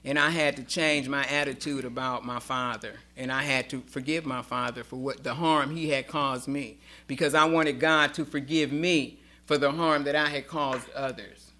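A middle-aged woman gives an emphatic personal testimony to a meeting. Her voice is sharp and forceful, very bright in tone, and she slips into the voices of people she quotes as she tells it. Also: extremely low pitch, fairly even intonation, normal speed. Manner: emphatic storyteller acting out quoted dialogue. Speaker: speaker sharing at a recovery meeting.

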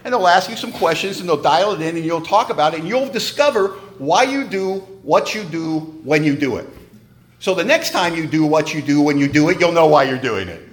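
A man's voice: on the high side, animated, fairly quick. A man giving a humorous, emphatic personal testimony at a recovery meeting, in a conversational storytelling manner.

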